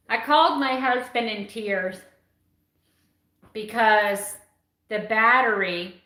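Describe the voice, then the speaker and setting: A woman in her fifties chatting casually on a live stream, animated and sarcastic, laughing often. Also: medium pitch, echoey room. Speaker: vlogger.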